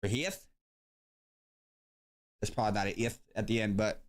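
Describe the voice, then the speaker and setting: A man's voice: fairly low pitch, normal speed. Laid-back man hosting a stream. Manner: laid-back, thinks aloud with many ums. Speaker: tournament stream host. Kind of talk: casual live-stream commentary.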